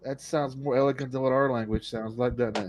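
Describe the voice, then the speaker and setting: Joking, foul-mouthed podcast host. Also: male voice, mid-range voice, fairly even intonation, a little fast, a little hiss or hum. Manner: loose, joking, swears freely. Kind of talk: casual interview chat.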